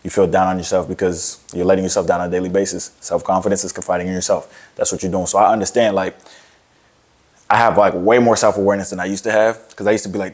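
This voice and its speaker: Man, young adult, deep voice, quick talker, casual profane motivational rant. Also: level tone. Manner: blunt, profane, rambling with many restarts. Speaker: fitness content creator.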